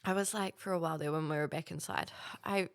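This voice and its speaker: A woman's voice: low voice, fairly even intonation, quick pace, vocal fry, dry recording, clean studio sound. A young woman from New Zealand with a New Zealand accent, co-hosting a podcast, telling stories dramatically with casual swearing. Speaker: podcast co-host. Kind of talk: casual chat.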